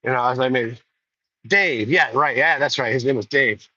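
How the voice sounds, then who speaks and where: A man's voice: medium pitch, normal speed, bright, forceful tone, dry recording. A man hosting a casual solo podcast, rambling, laughing often and correcting himself as he goes. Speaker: podcast host. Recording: dull lo-fi sound.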